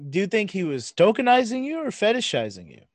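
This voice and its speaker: A laid-back male podcast host with a fairly high voice, talking in loose slang and rambling through his questions. The sound is dry and close, with no room around it. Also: huge pitch swings, fast, no echo. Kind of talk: casual podcast chat.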